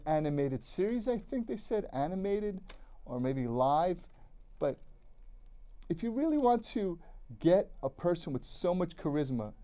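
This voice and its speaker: A man's voice: fairly high pitch, warm tone. A man co-hosting a cable access show, chatting casually about movies in a rambling way, repeating himself and restarting his sentences.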